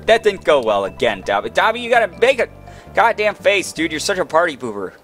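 A man's voice: sits high, big pitch swings, brisk, a bit bright, soft background music. A man giving casual, goofy commentary while playing a video game, joking with the characters on screen. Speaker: let's play gamer.

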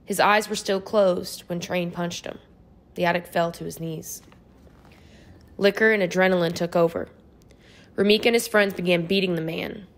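A woman whose voice sits on the low side narrates an audiobook from a script. Her storytelling delivery is steady and measured.

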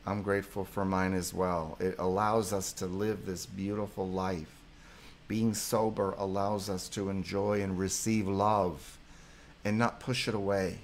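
A man's voice: low voice, a little hiss or hum. A middle-aged man, a psychologist hosting a live stream, effusively thanking viewers and reading their comments aloud.

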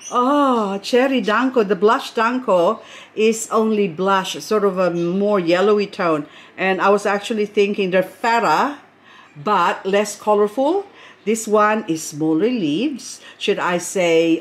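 A middle-aged woman hosts a casual unboxing vlog at a comfortable mid pitch. She chats freely, gushes over the plants in front of her, and drifts into little asides between her exclamations. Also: unhurried. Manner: gushing, exclaims over beauty, chatty asides. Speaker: succulent grower unboxing plants.

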